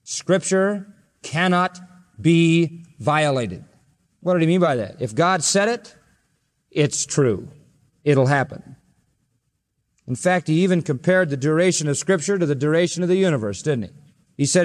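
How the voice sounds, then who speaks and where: A man's voice: on the high side, expressive, normal speed, long pauses. A man preaching a sermon, quoting scripture and asking his listeners rhetorical questions.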